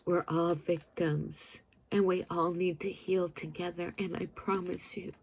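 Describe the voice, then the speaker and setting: A woman in her fifties speaks slowly and deliberately, her voice mellow and warm. As a vlogger, she talks directly to her viewers with an earnest, emotional sincerity and an unhurried pace. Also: lowish voice, level tone, gravelly. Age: 50s. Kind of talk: heartfelt spiritual talk to camera.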